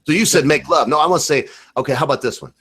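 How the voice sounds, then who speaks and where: A man's voice: fairly high pitch, racing, pushed and bright, breathy edge. A drunk man from Michigan hosting a casual livestream chat, crude and rambling. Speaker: livestream host.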